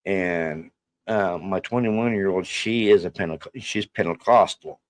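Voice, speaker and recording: A middle-aged man telling stories in a halting, rambling way, restarting his sentences often. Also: low voice. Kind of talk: casual storytelling chat.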